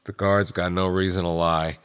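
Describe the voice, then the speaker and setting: A man's voice: low voice, little pitch movement, normal speed, fairly bright tone, clean tone. A man co-hosting a casual podcast, talking in a loose, slangy and profane way. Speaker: podcast co-host. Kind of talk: casual chat.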